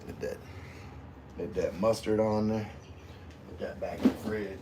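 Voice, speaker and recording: A man's voice: on the low side, measured pace, very noisy. Laid-back man chatting while eating. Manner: laid-back, rambling, talks with mouth full; folksy, calls himself country. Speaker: vlogger hosting a live stream. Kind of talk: casual livestream chat while eating.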